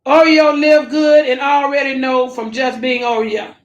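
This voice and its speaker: Woman host, high pitch, blunt repetitive commentary, roomy sound. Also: flat delivery, measured pace, muffled recording. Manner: blunt, preachy, repeats herself, Southern Black vernacular phrasing. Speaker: livestream host reading viewer comments. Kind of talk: casual commentary livestream.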